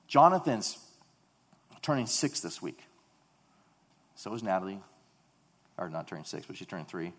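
A man's voice: mid-range voice, normal speed, pauses often, slightly rough. A man in his thirties preaching a sermon, telling family stories in a conversational, emphatic way. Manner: conversational storytelling, animated and emphatic. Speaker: pastor. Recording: long echo of a large hall.

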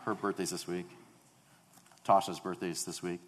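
A man's voice: deep voice, normal speed, a little hiss or hum. A man in his thirties preaching a sermon, telling family stories in a conversational, emphatic way. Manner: conversational storytelling, animated and emphatic. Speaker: pastor. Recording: long echo of a large hall.

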